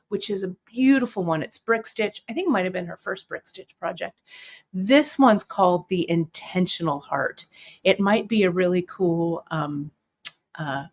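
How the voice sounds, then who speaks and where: A woman hosting a craft live stream, talking loosely to her viewers with plenty of ums and uhs and self-corrections. She is a bit teary and sniffly as she goes, chatting at a middle pitch. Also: fairly bright tone. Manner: chatty and emotional, tearing up, many fillers. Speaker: host of a bead shop live stream. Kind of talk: casual live-stream chat reading viewer comments.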